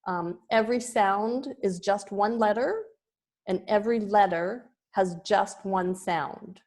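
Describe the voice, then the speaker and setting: Slow, hesitant woman giving a lesson. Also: medium pitch, a little mellow. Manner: hesitant, with frequent ums and restarts. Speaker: yoga teacher giving a presentation. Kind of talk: slow spoken lecture with pauses.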